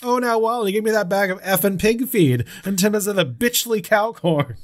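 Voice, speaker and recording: A prudish middle-aged woman with a Minnesota accent and a temper scolds in a voice pitched far above a man's, as a man puts her on. Her tone is huffy and primly indignant. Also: expressive, normal speed. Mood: prim scolding.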